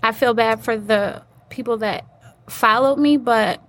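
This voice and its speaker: Interviewed as a guest, a woman earnestly shares a personal story and performs the voices of the people she quotes. She speaks unhurriedly in a fairly high voice, with faint noise in the background.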